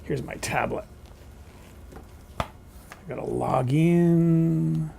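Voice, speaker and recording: A man's voice: on the high side, drawn-out words, vocal fry, dark tone, a little hiss or hum. A man vlogging at home, chatting in a rambling, opinionated way. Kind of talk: casual rambling monologue. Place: home kitchen.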